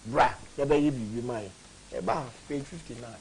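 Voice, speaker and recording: A man's voice: medium pitch, fairly quick, gravelly, noisy background. A man hosting a history discussion, speaking expansively and emphatically in Twi mixed with English.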